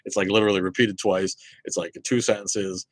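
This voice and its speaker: A man's voice: sits low, little pitch movement, fairly quick, dry recording, poor audio. A man hosting a live atheist Q and A, talking casually and rambling, swearing freely and restarting his sentences. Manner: rambling, profane, many fillers and restarts. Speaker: host of an atheist live show.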